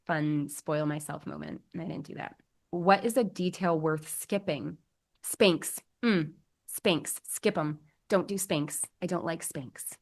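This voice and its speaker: A young woman who specializes in bridal alterations hosts a solo podcast, chatty and bubbly and full of gushing exclamations. Her voice is lowish.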